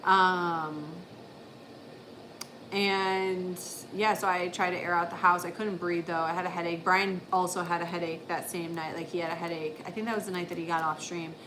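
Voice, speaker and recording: A woman's voice: lowish voice, flat delivery, normal speed, noisy background. A woman on a livestream, casually retelling a story in a rambling way, with frequent swearing. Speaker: livestream host.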